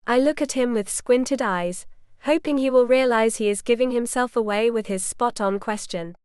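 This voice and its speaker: Woman reading a romance audiobook, smooth crisp voice, pretty high, dry close sound. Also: moderate pace, no room sound. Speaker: audiobook narrator. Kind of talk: scripted first-person narration.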